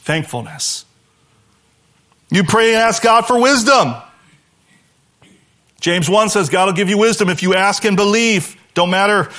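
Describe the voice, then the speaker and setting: A man preaching a sermon to his church, animated, dropping to a hushed voice when he voices a prayer. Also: high-pitched. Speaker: pastor.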